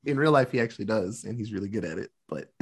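A man hosting a podcast, casually recapping a film with lots of fillers and quick asides. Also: lowish voice, lively intonation, breathy edge. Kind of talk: casual movie recap chat.

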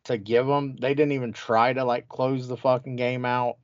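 A man hosting a sports talk show, telling a mocking, profane roundup of a game in animated bursts. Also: medium pitch, moderate pace, dry recording, muffled recording. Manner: mocking, crude, animated storytelling. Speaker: podcast host.

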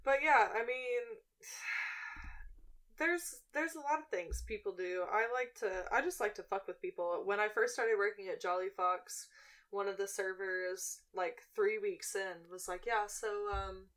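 A woman's voice: medium pitch, measured pace, fairly bright tone. A woman from Missouri talks casually as a podcast guest. She is brash and teasing, swears freely and laughs a lot as she tells bar stories. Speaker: bartender guest.

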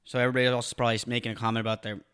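A young man co-hosting a podcast, joking in a dry, deadpan way in casual chat. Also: medium pitch, very fast, smooth. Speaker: podcast co-host.

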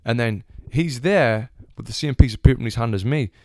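In a mid-range, darkish voice and a slightly fast pace, a young Englishman with a Sunderland accent tells a casual story. The retired boxer chats, swears freely and acts out the people in it. The recording is dry and studio quality.

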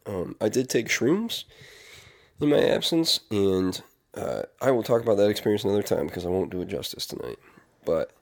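A man's voice: fairly low pitch, animated, normal speed, creaky. A man talking in a casual confessional monologue, rambling and earnest, with many fillers and restarts. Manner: earnest, reflective. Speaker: vlogger.

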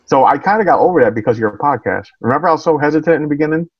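A man's voice: fairly high pitch, animated, racing, husky, no echo, lo-fi sound. A man who is a guest on a podcast, chatting casually in a plain, somewhat hesitant way.

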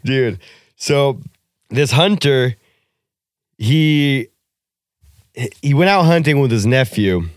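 A man's voice: mid-range voice, lively intonation, takes it slowly, pauses often, dry recording. Profane joking man, dry close sound. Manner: profane, joking, laughs often. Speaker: podcast co-host. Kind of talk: casual chat.

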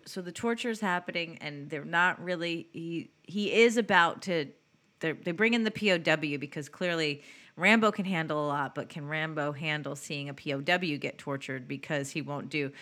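A woman talks through a film on a casual podcast, her voice bright and clear. She laughs often and slips into lines from the movie as she goes. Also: low-pitched. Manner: animated, laughs often, acts out quotes. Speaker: podcast co-host.

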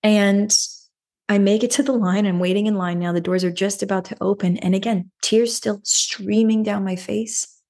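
Hosting a podcast, this woman tells a personal story and offers self-help advice with real earnestness, often repeating herself. Her mid-range voice is steady, a touch mellow, and moves at normal speed. She frequently ends thoughts with a rhetorical "right?"

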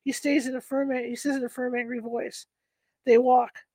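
High-voiced woman reading a story. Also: level tone, moderate pace, warm tone, no echo, rough recording. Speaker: narrator. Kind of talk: read-aloud story narration.

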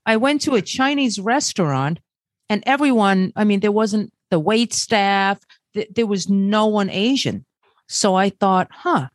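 A woman hosting a casual chat, animated and full of exclamations. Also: mid-range voice, measured pace, dry recording, clean studio sound.

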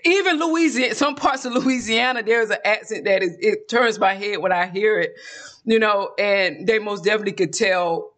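A man's voice: sits high, moderate pace, fairly bright tone. A man from South Georgia with a Southern Georgia accent, talking in a rambling, chatty vlog monologue and laughing often. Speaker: vlogger.

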